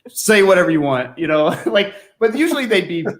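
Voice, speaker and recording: A man's voice: sits high, very animated, normal speed, fairly bright tone. A man guest telling stories in a casual chat, often laughing and filling with "like". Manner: chatty storyteller, laughs often, fills with "like". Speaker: guest, former magazine staff writer.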